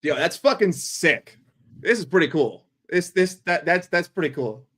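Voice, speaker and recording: A man streaming a football watchalong, calling the play for his chat in a blunt, profane, excitable way. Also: on the high side, moderate pace. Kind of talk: live play-by-play commentary for a chat.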